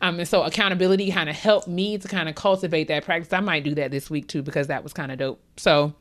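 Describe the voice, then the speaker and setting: Candid woman podcast co-host, lowish voice. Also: fairly even intonation, quick pace. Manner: candid, rambling, laughs easily, slangy. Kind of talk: casual podcast chat.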